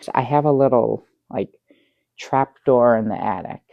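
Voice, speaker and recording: An actor playing a bumbling middle-aged guest who rambles through a tall tale with many restarts, in improvised sketch comedy. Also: male voice, mid-range voice, moderate pace, vocal fry, no room sound, muffled recording, close to an everyday voice. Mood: dry, halting. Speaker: guest on a comedy talk show.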